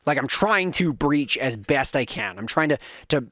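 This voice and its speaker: A man's voice: mid-range voice, lively intonation, normal speed, fairly bright tone, dry recording. A man in his thirties hosting a podcast, telling a rambling, self-correcting story in a casual rant that acts out his kids' voices. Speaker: podcast host.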